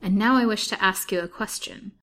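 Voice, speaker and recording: A woman reading aloud in the voice of a courteous male detective, formal and measured. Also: medium pitch, fairly bright tone, lightly acted.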